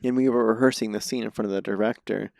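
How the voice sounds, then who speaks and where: A man's voice: fairly low pitch, steady tone, quick pace, creaky, a little mellow, no room sound. A man, a podcast guest who acts and does comedy, telling self-deprecating stories in casual conversation. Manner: self-deprecating storytelling, laughs at himself.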